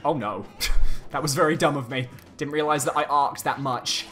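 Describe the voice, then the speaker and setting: A young man giving animated let's-play commentary, exclaiming and swinging between excitement and exasperation. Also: on the high side, normal speed, a little hiss or hum. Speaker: gaming YouTuber. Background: game music.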